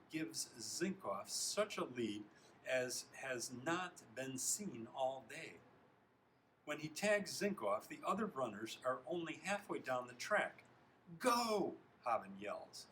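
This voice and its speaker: A man reading a children's novel aloud, expressive, stopping now and then to comment on the text and correct himself. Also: mid-range voice, a little hiss or hum, poor audio. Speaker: reader.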